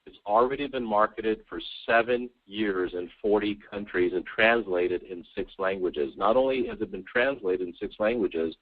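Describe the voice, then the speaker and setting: Low-voiced salesman on a tinny phone line. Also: moderate pace, few pauses. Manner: eager, emphatic, stumbles over repeated words. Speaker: sales presenter. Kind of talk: conference call sales pitch. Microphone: telephone on a conference call.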